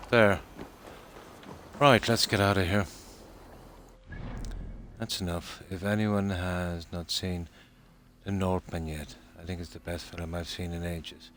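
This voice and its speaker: A man streaming a video game from home, chatting softly and unhurriedly with viewers about the game and his pets. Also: low-pitched, slight background noise. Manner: soft-spoken, talks quietly so sleeping dogs stay asleep; relaxed and unhurried, with fillers. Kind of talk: casual gameplay commentary. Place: home room.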